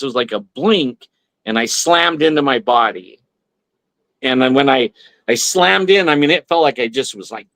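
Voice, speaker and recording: A man's voice: on the high side, fairly bright tone, dry recording. Man rambling through a personal story. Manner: rambling, full of "like" and restarts. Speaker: guest. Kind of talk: storytelling on a talk radio show. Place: radio studio.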